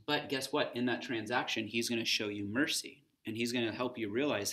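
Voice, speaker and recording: A man's voice: on the low side, steady tone, vocal fry, pushed and bright. Conversational male Bible teacher. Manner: conversational, pauses to pose questions. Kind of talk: recorded Bible lesson for students.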